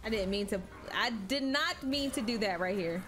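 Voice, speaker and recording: A woman streaming live gameplay, with loud, excitable banter full of swearing. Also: mid-range voice, normal speed, music in the background.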